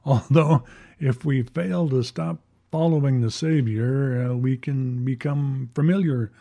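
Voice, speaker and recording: A man hosting a religious commentary podcast, talking in a conversational way with fillers and reading quotes slowly and deliberately. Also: mid-range voice, fairly even intonation, vocal fry, mellow. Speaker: podcast host.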